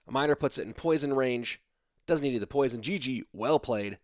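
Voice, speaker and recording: A man's voice: medium pitch, moderate pace, dry recording, studio quality. A tired man in his thirties casting an esports match on a live stream, chatting casually and reading viewer comments aloud between plays. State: sleepy. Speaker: esports caster.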